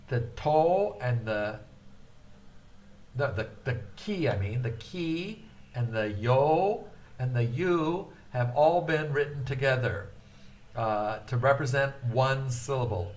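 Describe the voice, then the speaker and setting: Slow, patient older male teacher. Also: medium pitch. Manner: slow and patient, with frequent hesitations; drawn-out, carefully sounded-out syllables. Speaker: language teacher. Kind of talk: recorded beginner lecture.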